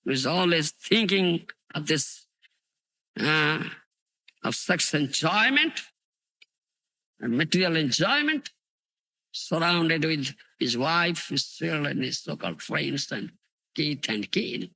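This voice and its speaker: A man's voice: a little high, takes it slowly, creaky, pauses often, no room sound. A man with an Indian English accent lecturing on scripture in a 1992 recording, telling stories with lots of animation and checking often with his listeners by asking whether they understand. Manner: animated storytelling, frequent "you understand?" and "huh?" checks. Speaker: spiritual teacher. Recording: dry close 1990s tape.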